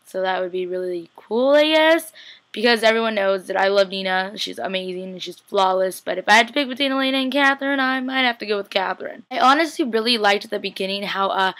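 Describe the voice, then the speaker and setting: A woman's voice: mid-range voice, a little fast, a bit bright. A young woman casually recapping a TV episode, chatty and slangy, acting out the characters' lines. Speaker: TV recap vlogger.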